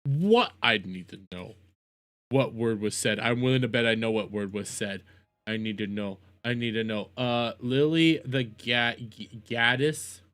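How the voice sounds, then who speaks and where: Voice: mid-range voice, measured pace, a bit bright, no echo. A streamer chatting live while reacting to clips, rambling, repeating themselves, stammering and laughing often.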